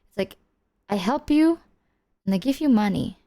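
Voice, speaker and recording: A young adult woman streamer chatting casually, animated and slangy, swearing and laughing as she talks to her chat. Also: medium pitch, normal speed. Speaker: livestreamer.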